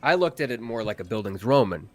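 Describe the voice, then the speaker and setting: Earnest, halting man with a low voice. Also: animated, darkish tone. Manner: earnest, halting, many restarts. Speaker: voice actor guest. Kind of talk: casual live-stream interview.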